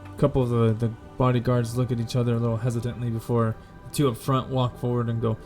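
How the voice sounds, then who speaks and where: A man narrating a tabletop game as game master, painting each scene slowly with fillers and self-corrections. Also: mid-range voice, flat delivery, darkish tone, soft background music.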